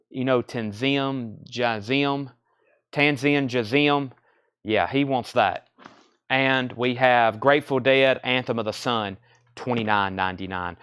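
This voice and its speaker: A man hosting a live record sale, briskly calling out bids and prices, out of breath. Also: mid-range voice, fairly bright tone, smooth, no room sound, clean studio sound. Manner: brisk, matter-of-fact auctioneer patter. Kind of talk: live sales stream, rattling off prices.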